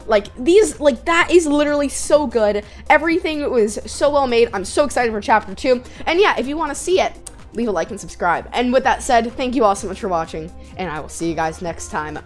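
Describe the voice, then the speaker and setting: A woman hosting a gaming channel, chatting excitedly through a let's-play with lots of filler words and quick restarts. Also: fairly high pitch, soft background music.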